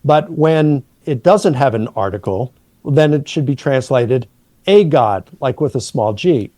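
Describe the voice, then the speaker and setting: A middle-aged man, a New Testament professor, patiently explaining Greek grammar and slowing down to stress key words. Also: medium pitch, animated, mellow, no echo.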